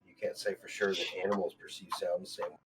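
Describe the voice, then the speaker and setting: A young man with a deep, low voice holds forth on a group podcast, explaining ideas like a know-it-all. A clear hiss of background noise sits under his mic. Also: steady tone, fast. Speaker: podcast co-host. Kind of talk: casual group chat.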